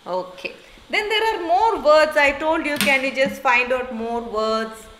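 A woman teacher, slowly sounding out and repeating words in a phonics lesson for young children. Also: high voice, animated, fairly bright tone, a little hiss or hum. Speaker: primary school teacher. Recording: echoey room.

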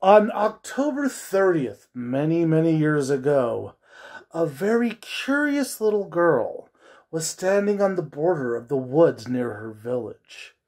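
Slow, lively-pitched bedtime storyteller. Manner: slow, expressive storytelling with whispered asides.

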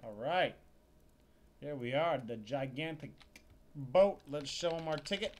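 A man's voice: a little high, a little slow, pauses often. A man hosting a let's play, reading the game's narration aloud in a wry, playful way. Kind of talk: reading game text aloud with commentary.

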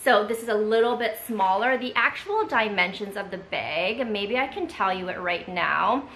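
A woman's voice: medium pitch, lively intonation, normal speed, a bit bright, a little hiss or hum. Chatty woman in an echoey room. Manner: chatty, rambling, many "like" and "um" fillers. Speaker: vlogger. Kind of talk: casual unboxing chat. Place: home room indoors.

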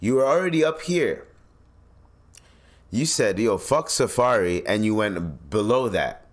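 A man's voice: fairly low pitch, very animated, measured pace. A man hosting a solo podcast, giving blunt, profane commentary in a casual ranting manner. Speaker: podcast host.

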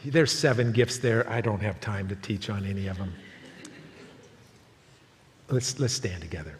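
A man in his sixties preaching a sermon as pastor, telling a story in an animated way and acting out the quotes. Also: fairly low pitch, moderate pace, long pauses. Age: 60s. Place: church sanctuary. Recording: long hall reverb, faint noise.

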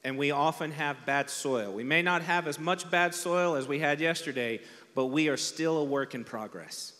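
A man's voice: on the high side, moderate pace, bright, forceful tone. A man preaching a conversational sermon as pastor, self-deprecating and acting out quotes. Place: large church hall. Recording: long hall reverb from a church PA.

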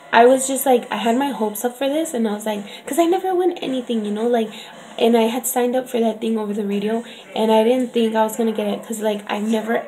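A woman's voice: on the high side, dark tone, slight background noise. A young woman and mother telling a chatty, upset story in a casual vlog, often asking "you know what I mean". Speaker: vlogger and mother.

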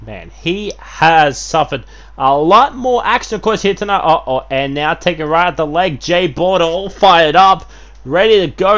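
Guy doing hype wrestling game commentary, kinda high voice, says of course a lot, yells at big moves. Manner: excitable, filler-heavy, keeps saying "of course", bursts into shouts at big moves. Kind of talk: play-by-play commentary over a wrestling video game.

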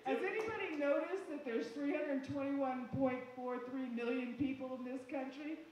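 A woman's voice: sits high, moderate pace, background noise. A woman with a Southern accent doing brash, bawdy stand-up comedy at an open mic in a small bar. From Colorado-based, from the US. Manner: brash, bawdy, folksy punchlines. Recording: echoey bar room, distant mic.

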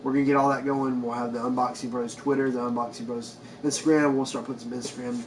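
A man's voice: mid-range voice, level tone, fast. A man co-hosting a live unboxing stream, chatting casually and telling joking stories. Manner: laid-back, joking storyteller. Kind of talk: casual chat. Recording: distant mic with background noise.

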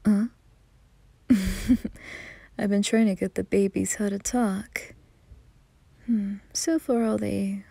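A woman's voice: medium pitch, dry recording. Kurapika, a woman doing a whispering young dad. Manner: soft, tender, breathy whispering with light laughs. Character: gentle young father, soft-spoken and doting. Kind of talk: whispered role-play.

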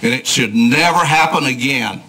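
Man, commissioner, accusatory, firm, bright forceful voice, faint room hiss. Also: mid-range voice, moderate pace, poor audio. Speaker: county commissioner. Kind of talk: formal complaint at a public meeting.

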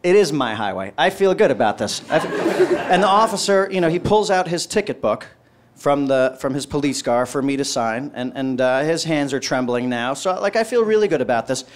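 A man's voice: on the high side, moderate pace, hardly any pauses, slight background noise. A male stand-up comedian telling a long story and acting out both sides of the dialogue.

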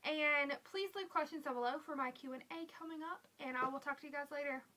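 Young woman, Southern US accent, high bright voice, chatty vlog talk. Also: brisk. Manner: chatty, reading out questions and answering them. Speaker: beauty vlogger. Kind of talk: casual chat to camera.

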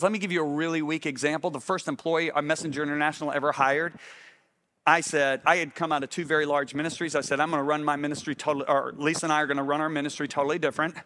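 Middle-aged male preacher, slightly high-pitched, animated sermon delivery with constant questions to the congregation.

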